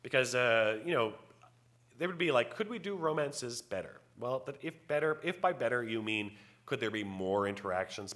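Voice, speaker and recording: A man speaking on a convention panel as a game writer, halting with many restarts and a wry humor. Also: lowish voice, fairly bright tone. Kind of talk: panel discussion, casual.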